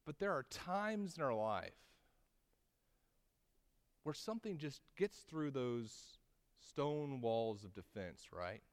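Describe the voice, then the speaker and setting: A man preaching a sermon, telling the story with rising intensity at dramatic moments and slowing to stress key words, often asking his listeners "right?". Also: medium pitch, expressive, big-room sound. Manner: conversational with tag questions and restarts. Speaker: pastor.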